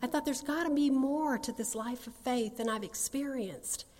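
A woman's voice: high-pitched, normal speed, a little mellow, long reverb tail. Woman in her sixties, earnest storyteller. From North Carolina, USA. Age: 60s. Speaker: speaker sharing her testimony. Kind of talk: personal testimony talk.

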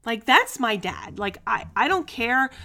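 A woman's voice: a little high, very animated, a little slow, bright, forceful tone. A woman hosting her own podcast, telling family stories in a chatty way, often laughing and using fillers. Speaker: podcast host. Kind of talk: casual solo podcast storytelling.

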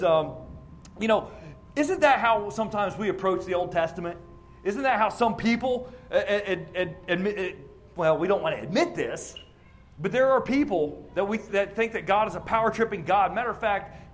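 A man and racing ministry chaplain giving an informal sermon at a racetrack, telling a personal story in a conversational, plainspoken way. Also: sits high.

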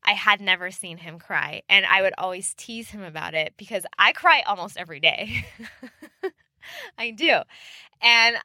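A woman co-hosts a casual podcast, telling stories with animated energy and laughing often. Her voice is bright and clear, at an ordinary pitch for a woman, recorded close and dry. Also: measured pace, no room sound. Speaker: podcast co-host. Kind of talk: casual chat.

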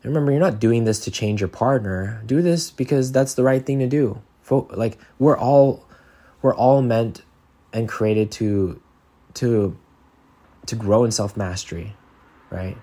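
A man's voice: medium pitch, unhurried, warm tone. A man hosting a podcast, talking in a casual, earnest monologue with lots of restarts and filler words. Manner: earnest, rambling with frequent "like" and restarts. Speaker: podcast host.

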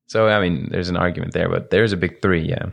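A man with a very low, deep voice co-hosts a podcast. He talks in an easygoing, joking way, hesitating often and hedging his points. His chat is relaxed and unpolished. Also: quick pace, vocal fry. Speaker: podcast co-host.

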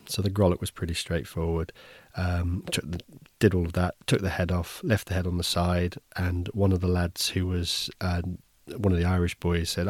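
Man, very low voice, dry close sound, casual podcast storytelling, rambling and wry. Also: a little mellow, no room sound. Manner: easygoing, wry, rambling with restarts. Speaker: podcast host. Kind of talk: casual first-person storytelling.

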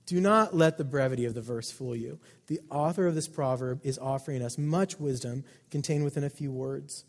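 A man preaching a sermon as pastor, emphatic, with loud stresses and quiet asides. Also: mid-range voice, fairly quick, gravelly. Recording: long hall reverb.

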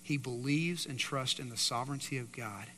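A man preaching a sermon in a church, swinging between loud emphatic stretches and hushed quiet passages. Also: medium pitch, moderate pace, a little hiss or hum. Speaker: pastor. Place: church sanctuary. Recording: reverberant hall.

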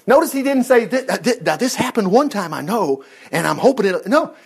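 A man preaching a sermon, retelling a story with animated asides and frequent chuckles. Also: sits high, fairly quick, gravelly, husky. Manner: animated storytelling, acts out quotes, chuckles often.

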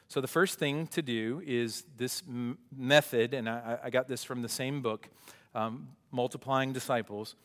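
A man delivers a sermon in a relaxed, conversational way, breaking off for asides and correcting himself as he goes. His voice sits in an ordinary middle pitch. The recording carries a long reverb from a hall. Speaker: pastor.

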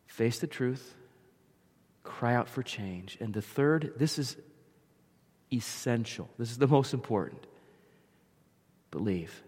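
A man preaching an earnest sermon, paraphrasing scripture as heartfelt prayer and telling everyday stories. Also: medium pitch. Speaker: pastor. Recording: long hall reverb.

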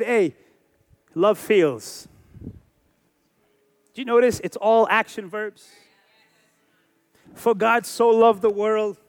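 A man in his forties preaches a sermon in an unusually high voice. He leans on repeated phrases and throws rhetorical questions at his listeners with emphatic force. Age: 40s. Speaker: pastor.

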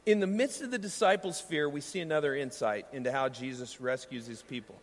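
A man preaching a sermon as pastor, teaching earnestly and slowing down to stress key lines. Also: medium pitch, long reverb tail.

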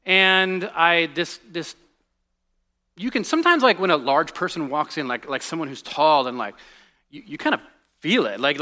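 A man in his forties giving a conversational sermon as a pastor, telling stories with lots of restarts and sinking to a hushed voice on serious points. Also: fairly high pitch. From United States. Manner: animated storytelling, drops to a hushed voice on serious points, many restarts.

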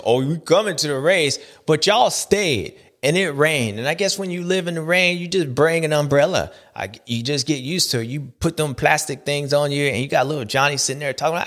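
A man's voice: fairly high pitch, fairly quick, few pauses, fairly bright tone. A man hosting a casual, joking commentary, talking in slang and mimicking other people. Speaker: host.

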